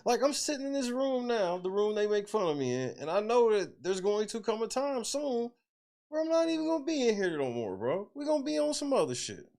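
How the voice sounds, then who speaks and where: A podcast host goes off in a loose, profane rant on a casual show, laughing between points as his pitch swings widely up and down with them. His voice is creaky and darkish in tone, and he talks a little fast.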